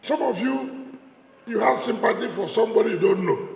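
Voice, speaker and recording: A man's voice: sits high, normal speed, vocal fry, a little mellow. A Nigerian man giving a combative political speech, mocking and repeating phrases for emphasis. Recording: echoey hall, from a distance.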